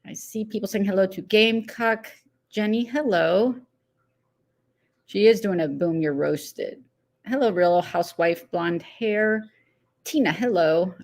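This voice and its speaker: A woman's voice: medium pitch, measured pace, a little mellow. A woman hosting a casual live stream, chatting loosely, laughing easily and greeting viewers one by one by name. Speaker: livestream host.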